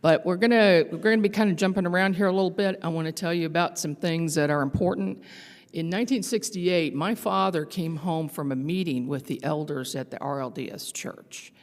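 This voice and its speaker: A woman's voice: fairly low pitch, a little fast. An older woman giving a conference talk, telling stories in a conversational way with fillers and restarts. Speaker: conference speaker. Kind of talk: storytelling talk. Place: large conference hall. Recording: long hall reverb.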